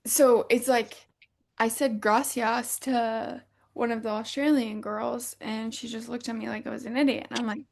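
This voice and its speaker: A woman from the United States co-hosts a podcast, her fairly high voice showing vocal fry at a moderate pace. Her storytelling is animated and casual, full of acted-out quotes and frequent laughs.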